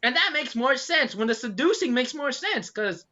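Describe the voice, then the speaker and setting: A man chatting on a podcast with a bright, animated voice that swings up and down in pitch. He laughs often, swears casually and fills his sentences with "um" and "like". The recording sounds dull and lo-fi. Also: normal speed, a little hiss or hum. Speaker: podcast co-host. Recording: muffled lo-fi recording.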